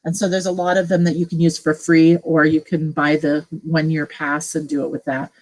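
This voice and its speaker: A middle-aged woman with a slightly low voice leads a relaxed screen-share tutorial for fellow teachers. She talks casually, thinking aloud with small fillers as she goes. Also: moderate pace, poor audio. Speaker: teacher leading a tech training session.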